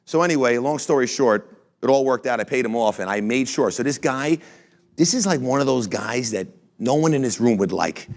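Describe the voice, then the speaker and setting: Fast-talking energetic man telling business stories. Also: mid-range voice. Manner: energetic, blunt, swears casually. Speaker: company founder and CEO speaking to an audience. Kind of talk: motivational storytelling talk. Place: room with a live audience.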